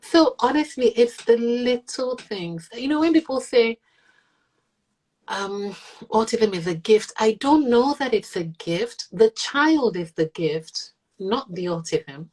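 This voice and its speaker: A woman's voice: on the high side, animated, takes it slowly, a little mellow, poor audio. A middle-aged woman, a mother, talking earnestly and reflectively in an interview. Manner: earnest, reflective, voices others in quotes. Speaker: guest, mother of an autistic child. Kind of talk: candid conversational interview.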